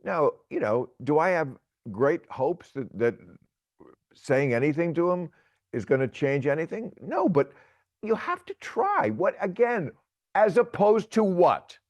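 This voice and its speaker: A man in his sixties giving opinionated political talk, halting and repeating words, then pressing his point emphatically. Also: fairly high pitch, sing-song, dry recording. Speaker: guest commentator.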